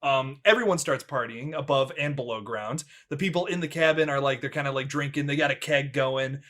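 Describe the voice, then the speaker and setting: A man's voice: medium pitch, brisk, fairly bright tone. A young man hosting a casual film review podcast, rambling and crude, laughing often at his own jokes. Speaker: podcast host.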